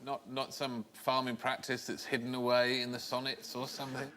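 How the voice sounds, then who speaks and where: A man's voice: medium pitch, monotone, moderate pace, bright, forceful tone. A chatty male panelist who drifts into anecdotes, with a faint hiss of noise in the recording. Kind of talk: panel show banter.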